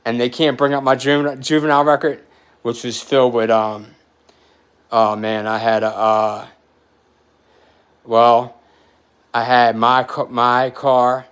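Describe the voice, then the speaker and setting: A man in his forties telling a story in a podcast chat, animated and profane, getting emotional as he talks. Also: medium pitch, unhurried, pauses often, clean tone. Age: 40s.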